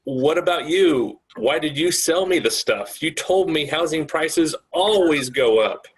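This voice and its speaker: A worried village leader presses for answers in an earnest, questioning voice, read by a man. The voice sits a little high for a man, in plain video call sound. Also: expressive, unhurried.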